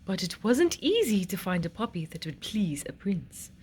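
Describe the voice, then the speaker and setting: A woman reading a children's picture book aloud in an expressive, sing-song way. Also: medium pitch, moderate pace, slight background noise. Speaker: storyteller.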